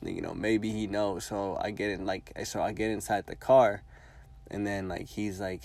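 Young man, casual storytelling, low voice, dry close sound, rambling, swears a lot, lots of filler words. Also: level tone, moderate pace, creaky, a little mellow, no echo. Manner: rambling, profane, heavy use of filler words. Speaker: vlogger.

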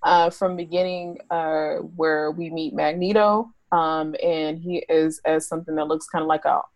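A woman's voice: low-pitched, fairly even intonation, normal speed, no echo, lo-fi sound. A woman co-hosting a podcast in casual chat, talking loosely, laughing often and restarting her sentences. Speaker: podcast co-host.

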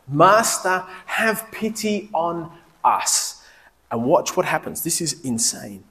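A man preaching a sermon in a lively, conversational way, asking the congregation questions as he goes. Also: medium pitch. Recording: long reverb of a large hall.

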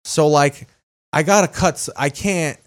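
A man's voice: fairly high pitch, measured pace. A man with a Chicago accent co-hosting a podcast in blunt, profane casual chat. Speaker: podcast co-host.

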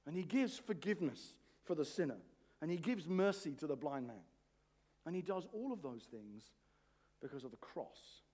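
A male pastor preaching a sermon with passion, shifting between soft, low passages and loud, emphatic ones.

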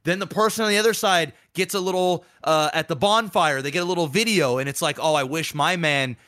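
A man co-hosting a casual podcast, telling stories with animated swings and profane acted-out quotes. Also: fast talker. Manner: animated storytelling, acting out quoted people in bursts of pitch, profane. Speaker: podcast co-host.

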